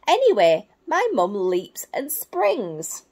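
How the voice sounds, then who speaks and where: A small young monkey from a picture book, searching for its mum and insisting again and again that each creature is the wrong one, as a woman reads the part. The voice is loud and lively, rising and falling widely. It is slow and deliberate. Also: mid-range voice, exaggerated voice. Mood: insistent. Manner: insistent, exasperated repeated denials.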